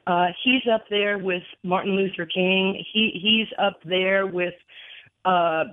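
A woman in her sixties from New York, a former basketball player telling animated stories as a guest, laughing often, heard over a phone line. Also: medium pitch, no room sound. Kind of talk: storytelling interview over the phone. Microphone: telephone. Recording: tinny phone line, dry.

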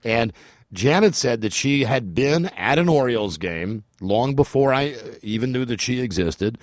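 A man's voice: medium pitch, animated, moderate pace, dry recording. Brief: male radio host, casual storytelling banter, dry studio voice. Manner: storytelling, joking.

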